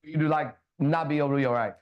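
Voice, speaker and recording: A man hosting a casual talk show, animated, preachy and swearing freely. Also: on the high side, fast talker, highs cut off. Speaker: podcast host. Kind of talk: casual chat.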